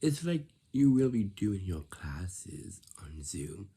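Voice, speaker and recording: A man's voice: low voice, sing-song, slow pace, warm tone, slightly rough. A man giving earnest, informal advice to his viewers, speaking to them directly and repeating his points. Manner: earnest, repetitive, instructing the listener directly. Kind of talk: informal explanatory talk.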